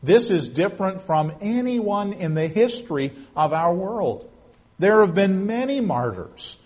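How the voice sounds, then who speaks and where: A husky-voiced man preaching in a somewhat high register. He tells the story earnestly, swelling to emphatic peaks and then dropping to a hush. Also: expressive, unhurried. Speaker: pastor. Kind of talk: sermon.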